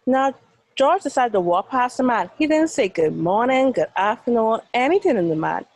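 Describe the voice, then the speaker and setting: A woman's voice: on the high side, lively intonation, normal speed, a little mellow, poor audio. A Bahamian woman, a teacher, telling a dramatic story to children with sound effects and then asking questions.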